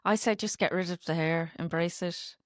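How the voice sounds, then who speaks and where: A woman's voice: fairly low pitch, fairly even intonation, normal speed, no echo, clean studio sound. A woman co-hosting a casual podcast, chiming in with incredulous agreement and short laughs. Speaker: podcast co-host.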